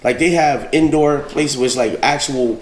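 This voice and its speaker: A man co-hosting a podcast in casual chat, talking in a relaxed way and often checking in with "right?". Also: medium pitch, measured pace. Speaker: podcast co-host. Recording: roomy echo.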